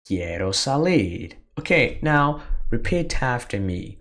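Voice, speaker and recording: Very slow-paced Spanish lesson voice. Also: mid-range voice, sing-song. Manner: slow, deliberate drilling with pauses for repetition. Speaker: Spanish teacher. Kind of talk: slow beginner language lesson.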